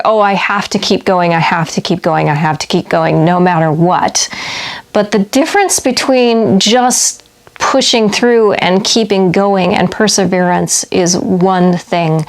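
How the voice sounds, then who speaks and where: A woman hosting a casual video, chatting and retelling fairy tales with frequent little laughs. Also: mid-range voice. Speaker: video host. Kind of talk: casual storytelling vlog.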